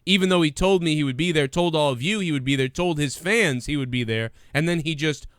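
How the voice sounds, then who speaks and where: A man's voice: fairly high pitch, fairly quick, a bit bright, no echo, clean studio sound. A man hosting a casual comedy podcast, rambling and joking with lots of fillers. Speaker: podcast host.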